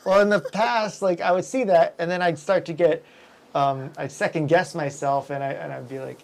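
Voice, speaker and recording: A man's voice: a little high, fairly quick, vocal fry, poor audio. A man hosting a casual business talk show, rambling with lots of fillers and restarts, working as an event emcee. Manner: rambling, filler-heavy, with frequent self-corrections.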